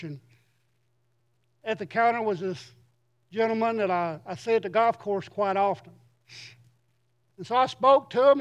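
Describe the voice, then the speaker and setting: High-voiced man preaching a sermon. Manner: earnest preaching, reads scripture slowly with emphasis. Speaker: pastor.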